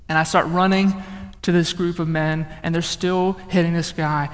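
A young man from the northern United States telling a personal testimony, animated, swinging between loud outbursts and hushed, low passages. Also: brisk. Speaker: speaker giving a testimony. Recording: long reverb of a large hall.

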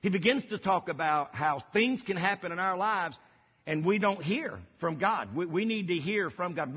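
A middle-aged male pastor delivers a sermon in a high, husky voice, emphatic and repeating key phrases for weight. The audio is dull and lo-fi, with a long hall reverb.

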